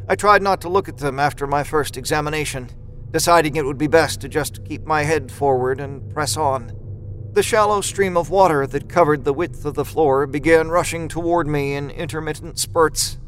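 A man narrating a horror story in a measured, dramatic storytelling manner. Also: fairly high pitch, fairly bright tone, slight background noise, poor audio. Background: music score.

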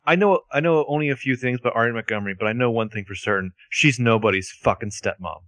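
A man's voice: mid-range voice, fast talker, fairly bright tone, dry recording. A man co-hosting a casual chat about a TV show, making wry, joking asides. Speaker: podcast co-host.

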